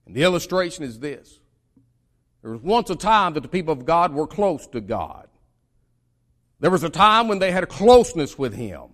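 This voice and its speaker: Preacher, male, American, slightly high voice, emphatic sermon delivery with big pitch swings and stumbling restarts. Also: big pitch swings, moderate pace, fairly bright tone. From United States. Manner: emphatic preaching with many repeated starts and dramatic pitch swings.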